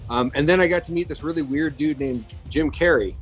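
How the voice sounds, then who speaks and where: A man's voice: on the high side, brisk, faint music behind, poor audio. Chatty man telling career stories. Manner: chatty, many fillers and restarts. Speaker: guest, makeup effects artist. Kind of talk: casual interview storytelling.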